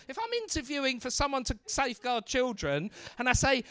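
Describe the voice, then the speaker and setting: A man working as the MC at a stand-up comedy night, bantering loudly with the crowd and mocking himself. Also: extremely high pitch, animated, brisk, hardly any pauses, no room sound, studio quality. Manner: loud, swearing, self-mocking banter. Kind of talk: crowd work between acts. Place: comedy club.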